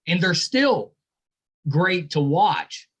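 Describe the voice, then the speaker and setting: Man, podcast host, casual chat, slightly higher voice, agreeable. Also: very animated, drawn-out words, a bit bright, breathy edge. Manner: friendly, agreeable interviewer with short replies.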